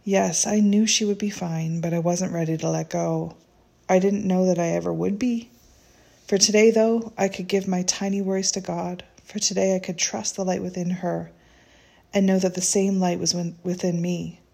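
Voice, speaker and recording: A woman reads a reflective first-person story in a gentle, unhurried, tender manner. Her voice is low and husky, with a gravelly edge. The tone stays mellow and soft. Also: fairly even intonation.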